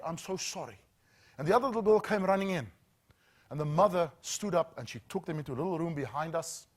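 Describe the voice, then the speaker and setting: A middle-aged man's slightly high voice narrates a safety-training story with earnest, dramatic pauses. At those moments he lowers to a hush.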